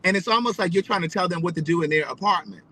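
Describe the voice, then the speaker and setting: Bright-voiced man telling a story. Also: sits high, rapid-fire, low-quality recording. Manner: animated, profane, repeats phrases for emphasis. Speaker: vlogger. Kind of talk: casual storytelling.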